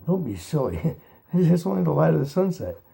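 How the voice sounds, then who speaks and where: A man reading aloud and voicing a young male rabbit who firmly tries to calm his frightened friend. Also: on the high side, normal speed, vocal fry, voice pushed up, heavily acted. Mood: urgent. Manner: firm, reassuring, urgent.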